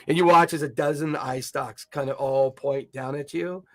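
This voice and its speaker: A man's voice: fairly high pitch, normal speed. A man narrating a tabletop game as game master, describing scenes vividly and laughing often.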